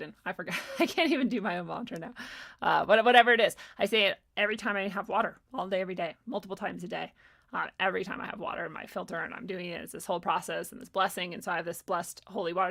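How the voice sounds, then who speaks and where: A woman's voice: lowish voice, creaky, a bit bright. A woman hosting a spiritual livestream, talking casually and candidly, swearing freely and laughing often as she rambles through her thoughts and reads out viewer comments.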